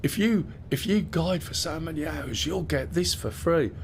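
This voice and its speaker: A man's voice: a little high, normal speed, a little hiss or hum. Chatty man streaming a game. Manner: rambling, chatty, explains as he plays, mild swearing. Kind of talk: live gameplay stream chat.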